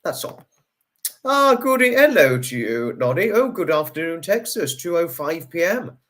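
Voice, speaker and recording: A man, hosting a casual livestream and reading out viewer comments in a chatty way, greeting each viewer with sudden high bursts. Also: sing-song, moderate pace, fairly bright tone. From United Kingdom. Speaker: livestream host.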